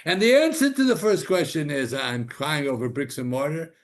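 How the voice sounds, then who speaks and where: A man's voice: medium pitch, animated, moderate pace, pitched above the performer's own voice. A man telling it as a grieving old prophet. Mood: teasing.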